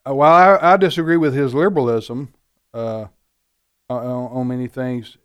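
A man giving political commentary in casual panel talk, halting and repeating words as he starts his points. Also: medium pitch, steady tone, clean tone.

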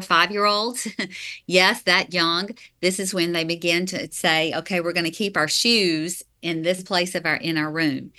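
A middle-aged woman with a bright, forceful voice, answering an interviewer earnestly. She talks in a slightly low register and lays out her points step by step, now and then with a light laugh. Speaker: author and parenting guest.

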